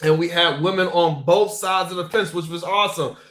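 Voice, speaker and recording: A man's voice: high-pitched, brisk, fairly bright tone, echoey room. A man hosting a live stream, chatting casually, greeting viewers by name and laughing often.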